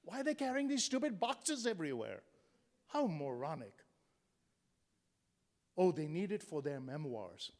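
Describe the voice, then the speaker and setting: High-voiced man in his sixties, punchy speaker. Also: sing-song, a little slow, long pauses, a little mellow. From India. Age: 60s. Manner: punchy, joking, rhetorical questions. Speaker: motivational speaker. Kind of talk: humorous motivational speech.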